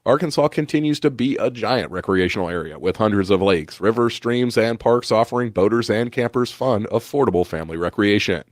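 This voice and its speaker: A man reads the local news in a steady, scripted manner, his low voice sitting close and dry with no room around it. Each item comes out even and measured. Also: no room sound. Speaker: radio news reporter. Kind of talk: read news report. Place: radio studio.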